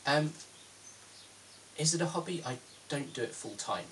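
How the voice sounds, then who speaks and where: A man's voice: on the high side, lively intonation, normal speed, far from the mic, a little hiss or hum. A man in his thirties from London with a British accent, answering viewer questions in a chatty, self-deprecating vlog with frequent ums. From London, England. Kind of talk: casual Q&A vlog.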